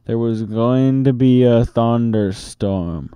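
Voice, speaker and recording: A man reading a children's book aloud in a steady, expressive storytelling manner, close to the mic. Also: medium pitch, slow, clear, resonant tone, dry recording. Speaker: storybook reader.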